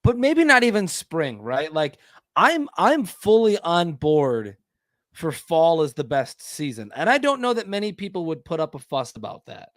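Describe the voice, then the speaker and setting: Joking male podcast co-host, profane, high and animated, dry sound. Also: normal speed, dry recording. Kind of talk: casual banter.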